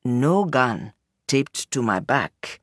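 A woman's voice: sits low, wildly swooping pitch, a little slow, dry recording, clean studio sound, full character voice. A woman voicing a charming, easygoing young male journalist in an audiobook, speaking in a playful, teasing way.

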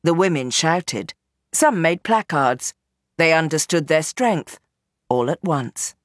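A woman narrating a novel as an audiobook in an expressive, dramatic reading. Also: sits low, slow, no room sound, clean studio sound. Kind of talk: scripted narration.

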